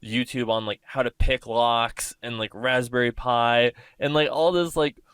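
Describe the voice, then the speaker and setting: A man's voice: mid-range voice, steady tone, measured pace, a bit bright, clear, resonant tone, dry recording. A man hosting a podcast, chatting loosely and filling his talk with "like". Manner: loose, filler-heavy, says "like" constantly. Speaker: podcast host. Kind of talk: casual podcast chat.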